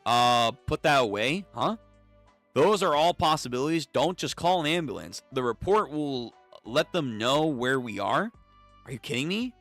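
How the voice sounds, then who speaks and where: A young man hosting a live comic read-through, reading all the parts in an animated, casual voice that swears freely. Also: mid-range voice, normal speed, no room sound, soft background music. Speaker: streamer reading manga.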